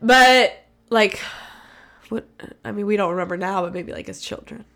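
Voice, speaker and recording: Woman in her 30s, chatty podcast co-host, bright tone, congested from allergies. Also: medium pitch, moderate pace. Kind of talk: casual chat.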